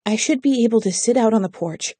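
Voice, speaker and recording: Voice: mid-range voice, a little fast, mellow, dry recording, voice pushed up, close to an everyday voice. An audiobook narrator voicing a spirited, stubborn young woman who speaks in a pleading, insistent way. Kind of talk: audiobook character voice.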